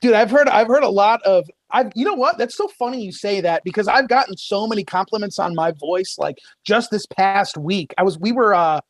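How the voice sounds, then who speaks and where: Podcast guest, man, bright radio-host delivery, higher voice, dry studio sound. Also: a little fast, few pauses, no room sound. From United States. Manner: animated, enthusiastic, swears freely. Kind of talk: casual chat.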